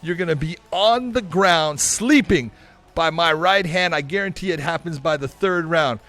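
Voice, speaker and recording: A man doing a loud bragging young boxer. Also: on the high side, normal speed, lightly acted. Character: hyped young male internet-star boxer.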